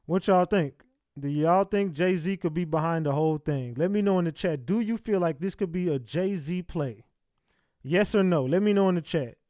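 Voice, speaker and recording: A man with a high voice hosts a casual live stream and talks straight to his viewers. He laughs often and keeps asking the chat questions. The sound is dry and close. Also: normal speed, darkish tone, no echo.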